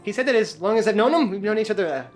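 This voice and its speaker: A man's voice: sits high, lively intonation, rapid-fire, faint music behind, pitched above the performer's own voice. A man voicing a big, friendly, dim-witted male giant warrior who rambles heartily. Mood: rambling.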